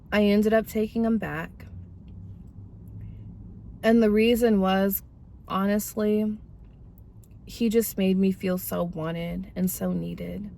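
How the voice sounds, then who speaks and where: A woman in her twenties tells her testimony in a loose, casual storytelling voice. She talks right to her viewers with slang and an animated, chatty delivery at a middle pitch. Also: vocal fry, slight background noise. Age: 20s. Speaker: vlogger sharing her testimony.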